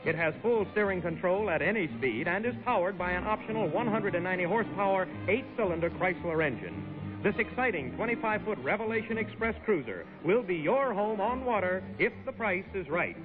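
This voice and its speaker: Showy male announcer pitching a prize. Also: lively intonation, a little fast. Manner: showy, salesman-like product pitch. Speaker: show announcer. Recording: tinny 1960s broadcast with music behind.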